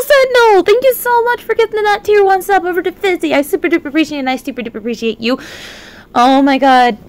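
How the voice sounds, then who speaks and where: A woman streaming a game, chatting casually and reacting with excited exclamations and swearing. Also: high-pitched. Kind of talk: casual live-stream chat.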